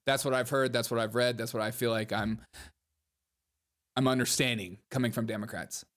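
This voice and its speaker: A man's voice: medium pitch, moderate pace. Sarcastic male livestream host. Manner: sarcastic, mocking, animated. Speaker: host reacting to comments and clips. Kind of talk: casual livestream commentary.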